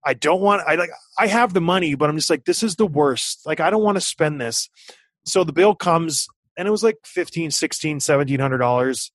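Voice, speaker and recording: A man in his thirties telling a story in casual chat, animated and acting out what people said. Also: fairly high pitch, a little fast, dry recording. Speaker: podcast guest, former hockey player.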